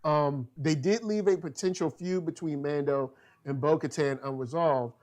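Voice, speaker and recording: Chill guy on a fan review chat, bit higher voice, laughs a lot reading comments. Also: moderate pace, a little mellow. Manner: easygoing, laughs often. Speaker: co-host reading viewer comments.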